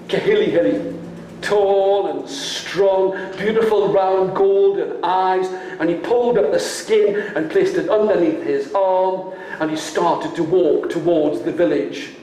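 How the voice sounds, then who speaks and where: A man telling a folk tale to a live college audience, animated and coaxing them to join in. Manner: animated, leaps into high voices for characters, coaxes the audience to join in. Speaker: storyteller. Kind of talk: live oral storytelling with audience participation. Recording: very echoey hall, faint background noise.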